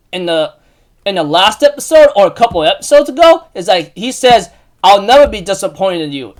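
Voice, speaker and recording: Male anime recapper, high voice, casual and rambling, prone to emotional outbursts. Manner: rambling, emotional, many fillers and restarts; bursts into loud excited outbursts.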